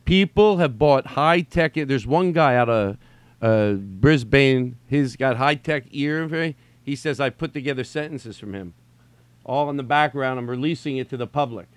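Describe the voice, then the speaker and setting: A man's voice: medium pitch, measured pace, smooth, no echo. A man hosting a solo podcast from home, rambling and swearing, often restarting his sentences. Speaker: podcast host. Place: at home during quarantine.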